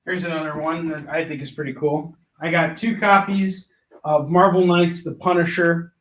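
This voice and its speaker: High-voiced man selling comics in an echoey room. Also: fairly even intonation, moderate pace, a bit bright. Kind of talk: live shopping stream pitch.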